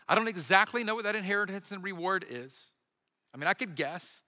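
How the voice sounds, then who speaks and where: A man's voice: high voice, lively intonation, fairly quick, bright, forceful tone, big-room sound. A man, a pastor, giving a sermon in a conversational, storytelling way with bits of humor.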